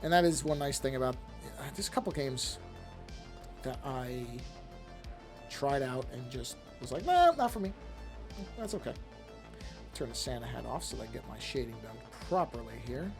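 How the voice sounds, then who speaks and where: A man's voice: mid-range voice, moderate pace, pauses often, faint music behind. Rambling man chatting while he draws. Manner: rambling, self-talk, easily sidetracked. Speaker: streamer. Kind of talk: casual chat while drawing on a live stream.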